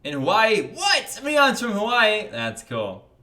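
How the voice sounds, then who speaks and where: Brief: young American man hosting a gaming livestream, bright voice, lively pitch that jumps when greeting chat. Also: slow pace. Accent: General American. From United States. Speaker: livestream host. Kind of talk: casual livestream chat reading donations.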